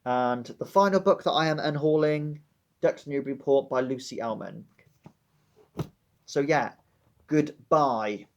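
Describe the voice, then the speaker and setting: A man's voice: mid-range voice, measured pace, long pauses. A young man vlogging about books in a dramatic, sardonic way. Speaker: book vlogger. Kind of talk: casual book vlog.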